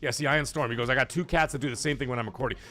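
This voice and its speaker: A man's voice: medium pitch, rapid-fire, pushed and bright, faint music behind. A man hosting a casual live-streamed podcast from home, rambling and chatty as he reads out viewer comments. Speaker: livestream podcast host.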